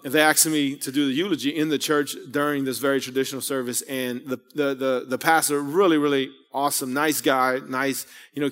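Chatty pastor in a reverberant church. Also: male voice, on the high side. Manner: conversational, rambling with asides and rhetorical questions. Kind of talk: sermon. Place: church sanctuary.

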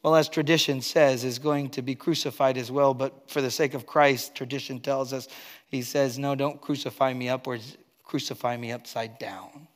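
Earnest preaching pastor in a reverberant hall. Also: male voice, mid-range voice, steady tone, normal speed. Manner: earnest, swings from loud emphasis to quiet. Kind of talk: expository sermon.

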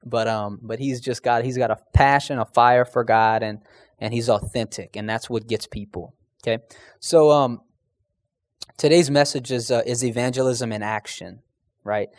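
A man preaching a conversational sermon, earnest and casual, often pausing with "um" and restarting his sentences as he tells stories and asks the room questions. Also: medium pitch, steady tone, dry recording.

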